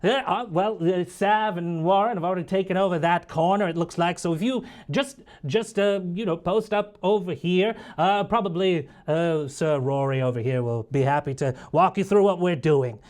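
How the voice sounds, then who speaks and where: A man's voice: sits high, moderate pace, hardly any pauses, darkish tone, voice pushed up, natural voice. A man voicing a fussy, grumpy old male wizard professor who frets and scolds. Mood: flustered. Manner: scolding, fretful about the books.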